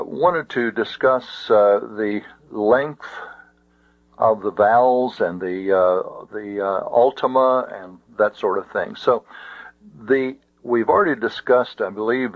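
A man teaches a class in a slow, unhurried lecture, stopping often with fillers as he gathers his thoughts. His voice is dry and close, with nothing of the room around it, and it comes through thin and narrow like a phone line. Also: medium pitch, no room sound. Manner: slow and deliberate, with frequent pauses and fillers.

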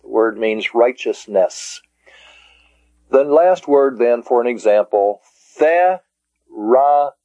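Slow, deliberate male Greek teacher. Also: medium pitch, dark tone, dry recording. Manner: slow and deliberate, sounding out syllables. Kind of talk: classroom lecture. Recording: dull lo-fi recording.

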